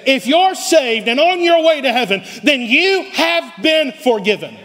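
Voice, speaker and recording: A man preaching a sermon to his church, swelling loud and then dropping low. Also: animated, a little slow. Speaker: pastor. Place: church sanctuary. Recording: live hall reverb.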